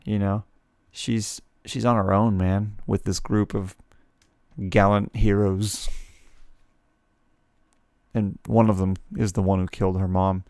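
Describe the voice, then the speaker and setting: Low-voiced man reading game text aloud. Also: level tone, takes it slowly, long pauses, a little mellow, dry recording, studio quality. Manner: reads game text aloud with playful voices, laughs often. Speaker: let's play streamer. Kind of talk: casual game commentary, reading dialogue aloud. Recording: faint game music behind.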